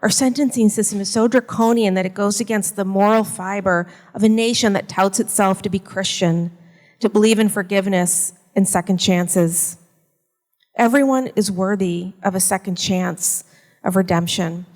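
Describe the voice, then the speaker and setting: A woman's voice: mid-range voice, darkish tone. Woman reading an essay in a reverberant hall. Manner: measured and earnest. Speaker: university teacher in prison education. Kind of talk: reading a prepared personal essay. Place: performance venue.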